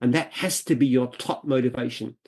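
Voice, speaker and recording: A man's voice: mid-range voice, a little fast, darkish tone. An Australian man, a business founder, answering interview questions in an earnest, emphatic way, often repeating and restarting phrases. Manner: earnest, emphatic, repeats himself when explaining. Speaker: franchise founder, guest.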